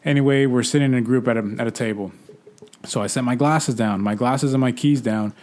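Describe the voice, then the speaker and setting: A young man casually telling a bar story in a relaxed chat, swearing freely. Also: medium pitch, a little fast. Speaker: podcast co-host telling a story.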